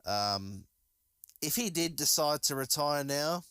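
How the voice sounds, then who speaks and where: A man's voice: on the high side, expressive, slow, sharp tone, clear, resonant tone, no echo. A man hosting a solo podcast, talking casually and enthusiastically, rambling with many fillers and restarts. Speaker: podcast host.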